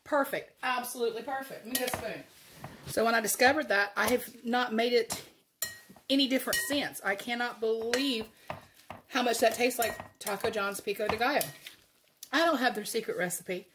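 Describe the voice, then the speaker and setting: A woman's voice: fairly high pitch, normal speed, background noise. A woman with a Southern accent hosting a casual cooking video in her home kitchen, chatty and folksy, laughing often. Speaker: cooking channel host.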